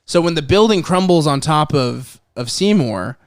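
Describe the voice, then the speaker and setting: A fairly high-voiced man talking through a film in relaxed podcast chat. He is animated and curses freely, and he slips into quick impressions of the characters. The sound is dry and close. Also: clean tone, dry recording. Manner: animated, swearing, acts out movie lines. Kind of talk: casual chat.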